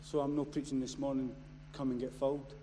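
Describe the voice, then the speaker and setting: A man preaching a sermon. He moves from quiet storytelling to loud, impassioned shouting. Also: mid-range voice, level tone, a little fast. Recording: long hall reverb, faint noise.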